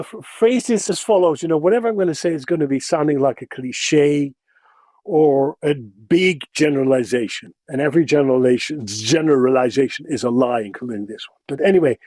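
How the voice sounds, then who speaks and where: A middle-aged man gives his views as an interview guest. His voice sits a little high for a man. He is opinionated and animated, and the recording is dry and close. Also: brisk, no echo. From Netherlands. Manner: opinionated, animated, mimics others for emphasis. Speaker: guest, voice actor. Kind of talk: casual interview talk.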